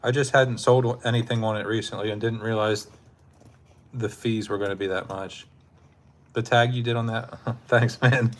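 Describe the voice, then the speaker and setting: A man's voice: lowish voice, fairly even intonation, moderate pace. A man hosting a casual live stream, laid-back and laughing often as he talks with his chat, his throat sore from hours of talking.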